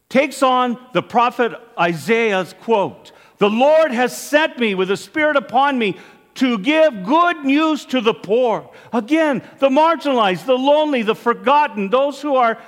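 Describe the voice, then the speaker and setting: A man delivers an earnest sermon from the pulpit, his voice pitched high and swinging widely as he stresses each point. The sound carries a long church reverb around him. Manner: earnest, animated preaching with rising and falling emphasis. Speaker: priest.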